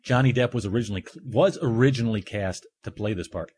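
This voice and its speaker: A man's voice: lowish voice, fast talker, darkish tone, slightly rough. A man hosting a podcast, leading a casual, jokey film review chat. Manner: chatty, jokey, leads the discussion. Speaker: podcast host.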